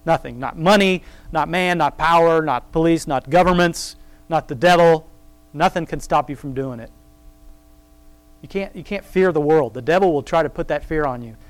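A man's voice: on the high side, clean tone, dry recording. Casual man reading and explaining scripture. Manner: reads scripture slowly, then comments in a rambling conversational way; laughs at his own remarks. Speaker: Bible study teacher. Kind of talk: casual Bible reading and commentary.

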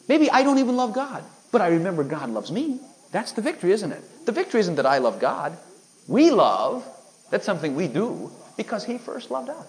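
A man's voice: high-pitched, wildly swooping pitch, fairly quick, rough recording. A man preaching a sermon, emphatic and full of rhetorical questions aimed at his listeners.

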